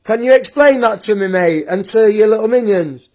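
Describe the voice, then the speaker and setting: This angry livestream rant comes from a young man whose voice is high-pitched and a little mellow. He's animated and speaks at a normal speed, scornfully taunting his critic and breaking into laughter along the way.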